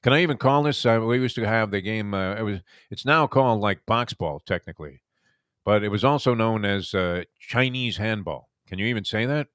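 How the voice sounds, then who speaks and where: New guy hosting sports talk, lowish voice, dry close sound, just rambles on about old days. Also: brisk, a bit bright, no room sound. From Brooklyn, New York. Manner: rambling, reminiscing storyteller. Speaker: sports talk show host. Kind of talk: casual sports radio chat.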